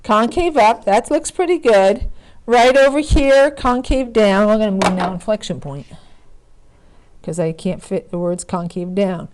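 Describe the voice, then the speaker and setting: A woman's voice: mid-range voice, unhurried, a little mellow, a little hiss or hum. A woman teaching a math lesson, chatty and self-correcting as she thinks aloud while working. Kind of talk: recorded screen lesson.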